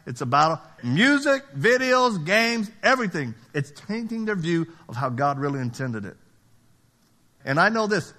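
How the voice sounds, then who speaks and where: A middle-aged man from Louisiana preaching a live sermon, telling stories and acting out the dialogue, his voice jumping high for emphasis. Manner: animated, acts out dialogue, pitch jumps high for emphasis. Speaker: pastor.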